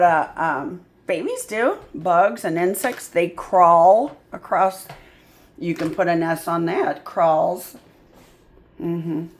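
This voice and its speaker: A woman tutoring a child in phonics, sounding out words slowly and patiently. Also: lowish voice. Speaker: reading tutor. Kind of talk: phonics lesson.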